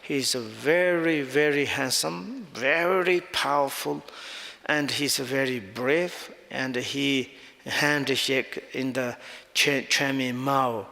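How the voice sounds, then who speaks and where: A man with a Tibetan accent teaching Buddhist dharma in halting, non-native English with frequent restarts and searching for words. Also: medium pitch, vocal fry, sharp tone, in a large hall.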